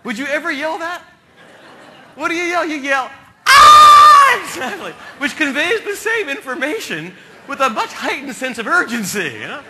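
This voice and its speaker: A man from New Jersey telling comic adventure stories as a keynote speaker, with sudden loud bursts. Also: extremely high pitch, big pitch swings, normal speed, a loud crowd, very noisy. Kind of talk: storytelling keynote speech.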